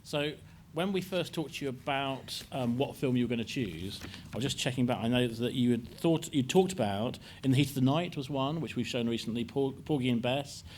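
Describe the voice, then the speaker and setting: A man hosting an onstage interview, steering the talk with brisk questions. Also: mid-range voice, a little mellow, a little hiss or hum. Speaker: interviewer and event host. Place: on a stage at a screening event.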